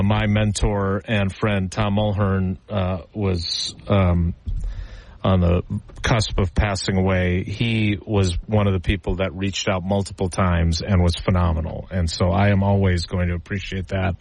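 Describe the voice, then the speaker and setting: A man's voice: on the low side, no echo, poor audio. A man hosting a sports radio show, chatting earnestly and reading live ads.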